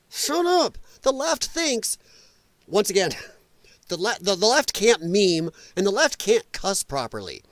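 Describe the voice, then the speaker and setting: His voice high and swinging widely up and down, a middle-aged man from Illinois runs a live political stream full of swearing, mockery and frequent laughter between jabs. He's animated, dropping into sarcastic mimicking voices, and the sound is dry and close with no room around it.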